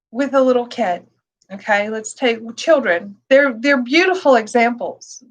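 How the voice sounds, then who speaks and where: A woman teaching meditation in a calm, reassuring way, often repeating herself and laughing softly. Her voice sits high, and she speaks slowly and patiently, leaving plenty of space between her words. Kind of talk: gentle spoken meditation teaching.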